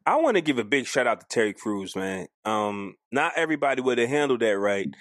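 A man co-hosting a casual podcast, animated and argumentative, often jumping up in pitch for emphasis. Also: fairly quick, no echo, studio quality. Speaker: podcast co-host.

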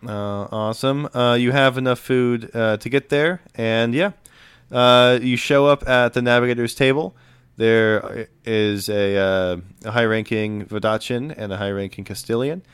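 Laid-back man as game master, clear resonant voice, dry close sound. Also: mid-range voice, measured pace, no echo. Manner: relaxed, lots of uh and um fillers. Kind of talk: narrating a tabletop game.

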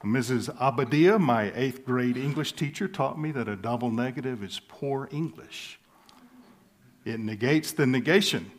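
Earnest man preaching. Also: mid-range voice. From southern United States. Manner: earnest, emphatic, with soft chuckles and hushed pauses. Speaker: pastor. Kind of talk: expository sermon.

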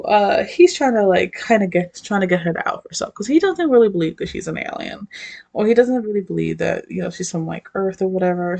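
A woman's voice: medium pitch, gravelly, warm tone. A young woman casually recapping a story, chatty and laughing, swearing freely and saying "like" a lot.

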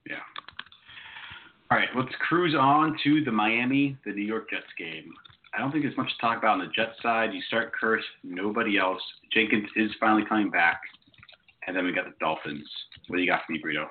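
A man co-hosting a casual sports chat, teasing and lively, over phone-like audio with faint noise. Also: on the low side, fairly quick. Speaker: co-host.

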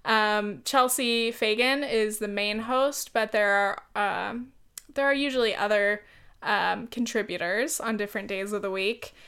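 A woman's voice: medium pitch, fairly even intonation, measured pace, a bit bright, smooth. A young woman in casual chat as a YouTuber, rambling and filler-heavy, with many ums and likes.

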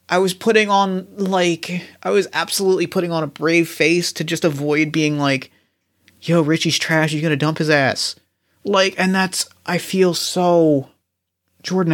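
A man playing a remorseful, excitable young male friend who stammers and gushes his apologies in an improvised role-play. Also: on the high side, lightly acted. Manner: flustered, gushing, stammering.

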